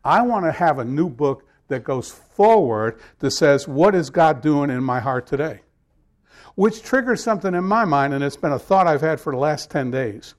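A man preaching a sermon to his congregation. His voice sits slightly high. He talks in a loose, conversational way, then leans hard into the scripture passages with growing force. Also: expressive, normal speed. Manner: conversational storytelling, rising to emphatic scripture reading. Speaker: pastor.

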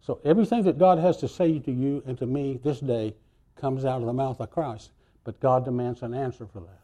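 A man preaching a sermon, telling the story with lively swings between loud bursts and soft asides. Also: medium pitch, brisk.

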